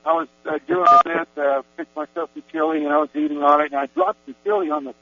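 A man's voice: a little high, wildly swooping pitch, fast, vocal fry, breathy edge. A man telling his personal religious testimony in a meandering way, with many restarts and fillers. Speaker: Christian giving a personal testimony. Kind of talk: rambling spoken testimony. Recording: tinny phone-like recording with mains hum.

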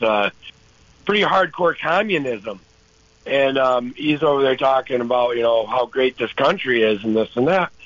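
A man calling in to a talk show, telling a story in a rambling, halting way with lots of restarts. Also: mid-range voice, a bit bright, dry recording. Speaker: caller. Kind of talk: casual storytelling. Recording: dull lo-fi phone-in audio.

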